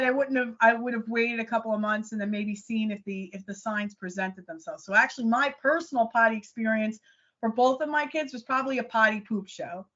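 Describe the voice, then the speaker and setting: A middle-aged woman, a life coach, telling stories in an animated, self-deprecating way on a podcast. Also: mid-range voice. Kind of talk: casual podcast interview. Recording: dull lo-fi audio.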